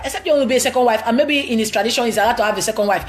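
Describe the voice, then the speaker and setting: A woman's voice: fairly high pitch, rapid-fire, soft background music. A woman with a Nigerian accent answering viewer questions on a live stream, giving blunt, emphatic, preachy relationship advice.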